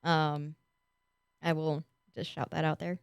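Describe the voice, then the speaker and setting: A woman's voice: deep voice, little pitch movement, slow, vocal fry, smooth, no room sound, clean studio sound. A woman co-hosting a casual podcast, reacting with chatty disbelief and hesitant fillers. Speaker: podcast co-host.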